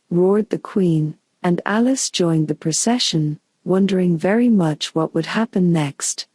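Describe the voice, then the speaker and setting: A woman narrating a bedtime storybook in a calm, soothing, unhurried way. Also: on the low side, breathy edge, no room sound. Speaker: audiobook narrator.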